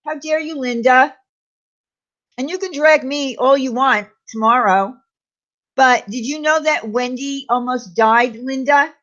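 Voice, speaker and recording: A high-pitched woman vents her anger on her own channel, throwing out sarcastic questions and repeating names with indignation. The sound is muffled and lo-fi. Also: a bit bright. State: angry. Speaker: YouTube commentary host. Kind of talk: angry ranting commentary.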